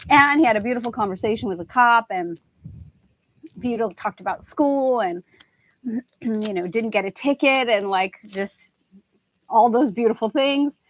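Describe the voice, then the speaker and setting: A woman's voice: fairly high pitch, moderate pace. A middle-aged woman hosting a spiritual lesson talk, telling stories with animation and acting out family voices. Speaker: host.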